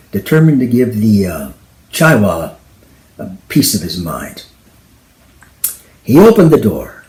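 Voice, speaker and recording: A man telling an original travel story to an audience, voicing the characters as he goes. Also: mid-range voice. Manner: slow, lively, voicing characters. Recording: echoey room.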